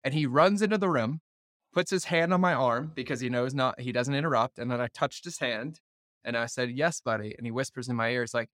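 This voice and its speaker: A man hosting a podcast, telling stories in an animated way and swearing freely in casual conversation. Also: mid-range voice, fairly quick, no room sound, clean studio sound. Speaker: podcast host.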